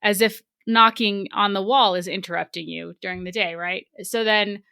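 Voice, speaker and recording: A woman's voice: mid-range voice, fairly even intonation, normal speed, vocal fry, bright, forceful tone, clear, resonant tone, no room sound, clean studio sound. A woman co-hosting a book club podcast, talking casually and animatedly with many restarts. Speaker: podcast co-host.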